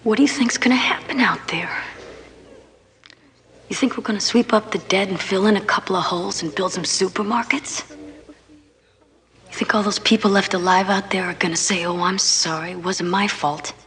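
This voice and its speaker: A woman's voice: medium pitch, steady tone, normal speed, a bit bright, in a large hall, slight background noise, close to an everyday voice. An actress playing a despairing pregnant woman who talks in a bitter, pleading way. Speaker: actress in a TV film.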